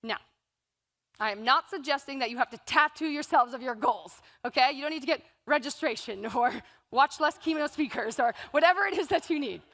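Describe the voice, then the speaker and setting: A woman's voice: sits high, lively intonation, brisk, pushed and bright. A woman in her thirties giving a motivational keynote speech on stage, telling stories and acting out her own inner voices. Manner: storytelling, acts out inner voices and quotes. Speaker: keynote speaker. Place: large event hall. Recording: long reverb of a large hall.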